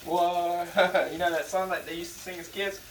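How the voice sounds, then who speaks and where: A young man in his twenties from Alabama rambling and joking in slang while he cooks, pitching himself for a cooking show. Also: level tone, moderate pace. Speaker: show applicant. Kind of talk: casual audition vlog while cooking. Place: home kitchen. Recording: echoey kitchen, voice from far off, faint noise.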